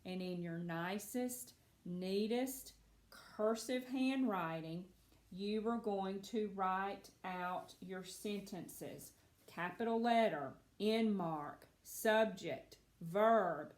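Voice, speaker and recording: A woman teaching a phonics lesson to children, patient and encouraging, speaking slowly and clearly. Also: medium pitch, reverberant.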